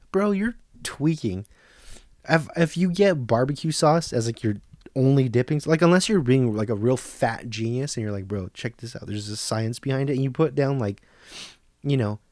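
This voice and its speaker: A man in his thirties ranting through a comic podcast monologue, swearing freely and flipping between hushed documentary-style whispers and loud outbursts. His voice sits at an ordinary middle pitch. The sound is dry and close, with no room around it. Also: no echo. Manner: profane, ranting, mock nature-documentary whispers. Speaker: podcast host. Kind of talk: comedic monologue.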